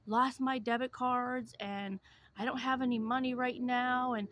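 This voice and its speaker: Woman doing a high pleading older beggar woman. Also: fairly even intonation, a little slow, fairly bright tone, no echo. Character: pleading older woman asking strangers for money.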